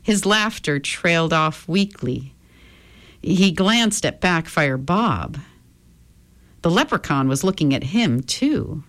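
A woman reading a children's story aloud with expressive intonation. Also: deep voice, takes it slowly.

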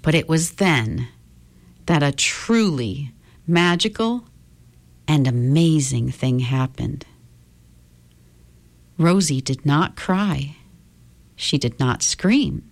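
A woman reading a children's story aloud with expressive intonation. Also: low-pitched, takes it slowly, long pauses.

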